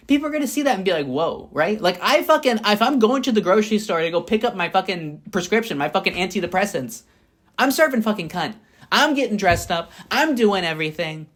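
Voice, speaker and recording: A young adult woman talking straight to camera in a casual motivational monologue, mid-pitched and full of profanity. She drives her points home by repeating them and jumps between bright high bursts and low, muttered asides. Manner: blunt and profane, emphatic repetitions. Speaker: vlogger.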